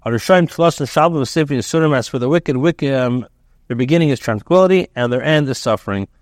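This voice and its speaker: A man teaching as a rabbi, a text aloud and translating it line by line in a halting way, with many restarts and fillers. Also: mid-range voice, dry recording, clean studio sound.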